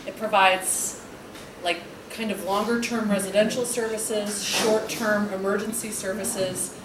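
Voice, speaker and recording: A woman speaks earnestly and steadily about a charity, stopping on an um now and then. She is heard from across an echoey hall with clear noise behind her. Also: mid-range voice. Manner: earnest, steady, with frequent ums. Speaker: charity representative. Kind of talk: informal presentation. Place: meeting hall. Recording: echoey hall from far off, noisy.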